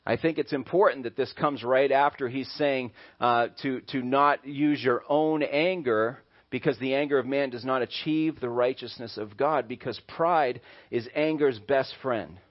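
A man's voice: mid-range voice, unhurried, few pauses. A male pastor preaching a sermon in a conversational way and acting out little voices, in a dull lo-fi recording.

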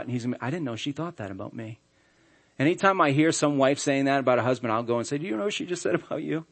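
Conversational man preaching a sermon. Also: mid-range voice. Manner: conversational, humorous storytelling. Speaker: pastor. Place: church sanctuary.

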